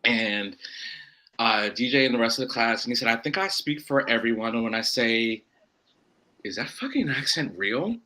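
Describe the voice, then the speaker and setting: A man from Florida, a wrestler guesting on a podcast, telling a rambling story full of quoted self-talk and quick asides. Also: mid-range voice, steady tone, bright, forceful tone, rough recording. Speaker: indie pro wrestler guest. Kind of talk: casual podcast chat.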